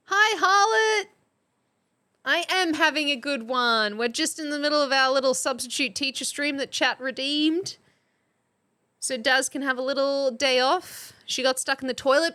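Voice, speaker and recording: A woman's voice: sits high, moderate pace, pushed and bright. An Australian woman chatting casually on a live stream, quizzing her chat like a teacher. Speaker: substitute streamer.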